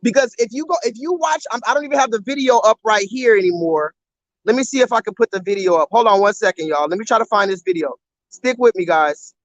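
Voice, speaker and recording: A man's voice: high-pitched, fast, no room sound, muffled recording. A man hosting a live stream while walking around, talking on a phone and repeatedly urging viewers to comment in the chat. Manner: animated, repetitive, keeps urging viewers to comment. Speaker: livestreamer.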